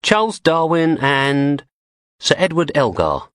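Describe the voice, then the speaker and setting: A man playing a posh English woman, calm and menacing, speaking in short clipped questions at a raised pitch. She comes across as an audiobook character in a close, dry recording. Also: slow pace, clean tone, dry recording, full character voice. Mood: cool.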